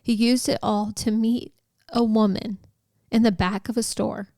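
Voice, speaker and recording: A woman's voice: fairly high pitch, flat delivery, a little slow, dark tone, no room sound, clean studio sound. A woman hosting a podcast, sharing a personal faith story in a heartfelt, chatty way, full of likes and you-knows. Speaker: podcast host.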